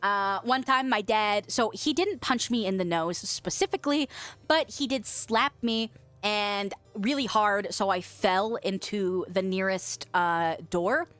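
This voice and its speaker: A woman's voice: mid-range voice, unhurried, fairly bright tone, faint music behind. A young woman streamer chatting casually while eating peanut butter, reading chat messages aloud, giggling and humming filler.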